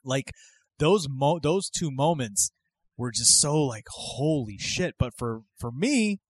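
A man on a podcast chatting with friends, reflecting aloud and often stopping and restarting. His voice is mid-pitched and sounds close and dry. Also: animated, slightly rough, no echo. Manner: reflective, halting. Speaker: podcast co-host. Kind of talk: casual chat.

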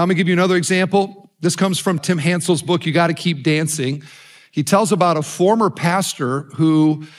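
A man preaching a sermon as a pastor, telling stories with animation and urging his listeners on. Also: fairly high pitch.

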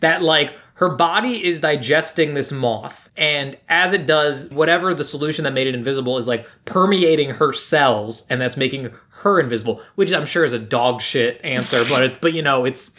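A man co-hosting a podcast, recapping a movie in casual chat with quick voiced asides. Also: fairly high pitch, fairly bright tone. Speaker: podcast co-host.

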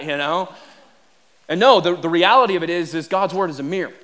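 Preaching a sermon to his congregation a little fast, a man with a higher-than-usual voice spins funny stories that poke fun at himself. His animated delivery eventually shifts toward a serious point.

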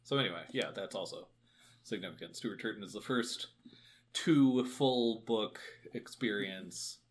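A man co-hosting a book podcast in casual chat, speaking in a wordy, wry, measured way. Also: lowish voice. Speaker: podcast co-host.

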